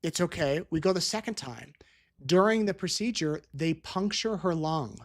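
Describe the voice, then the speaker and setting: A man's voice: on the high side, lively intonation, normal speed. Rambling, chatty middle-aged man hosting. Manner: rambling and chatty, with restarts and tangents. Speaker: show host. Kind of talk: casual live-stream chat. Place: Utah.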